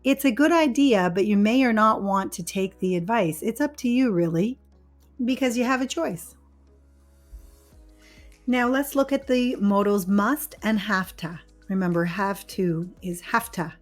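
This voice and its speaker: A woman English teacher giving a scripted grammar lesson, explaining patiently and clearly and stressing the key words. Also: mid-range voice, a little slow, faint music behind.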